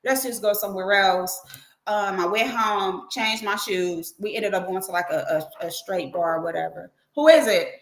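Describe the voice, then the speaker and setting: A middle-aged woman hosting a livestream tells a story in a casual way, animated and profane, acting out the quotes as she goes. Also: medium pitch, moderate pace, echoey room. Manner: animated, profane, acts out quotes in her telling. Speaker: livestream host.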